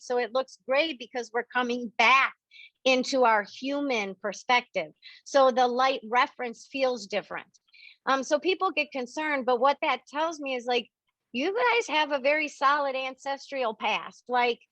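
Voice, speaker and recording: A woman with a high, pushed, bright voice hosts a member Q&A as a spiritual medium on a video call, with no room sound. She explains things in a chatty, animated way and acts out the dialogue she quotes. The video-call audio is dull and lo-fi.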